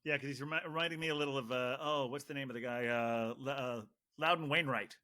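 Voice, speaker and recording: Male co-host, bright tense voice, dry wry remarks, mid pitch. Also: fairly even intonation, fast. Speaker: podcast co-host. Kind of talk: casual chat.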